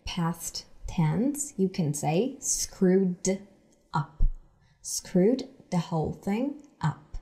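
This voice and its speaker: A woman gives an English lesson, speaking slowly and repeating phrases so learners can follow. Her voice sits low and sounds soft and mellow, and she takes her time over each word. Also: animated. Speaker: English teacher. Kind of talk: explaining language lesson.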